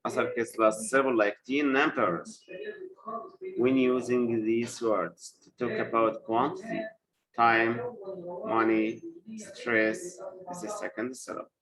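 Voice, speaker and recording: A male English teacher gives a live online lesson at an unhurried pace. He repeats key words for his students and moves between English and as he explains. His voice sits at an ordinary middle pitch. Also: fairly even intonation, crowd noise, rough recording. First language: Arabic.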